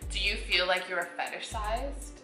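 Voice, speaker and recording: A woman's voice: mid-range voice, unhurried, pushed and bright, echoey room, soft background music. A woman in casual chat, asking follow-up questions and reacting with short interjections.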